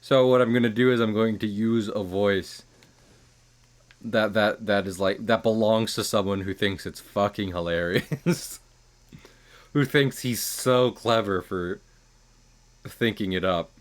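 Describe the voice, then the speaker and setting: A man giving casual, rambling commentary while streaming a game, chuckling at his own jokes and trailing off into quieter asides. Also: lowish voice, measured pace.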